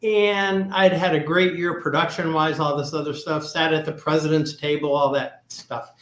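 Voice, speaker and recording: A man's voice: a little high, fairly even intonation, normal speed, echoey room. A man working as a business advisor, telling a personal story in a podcast conversation and replaying the dialogue.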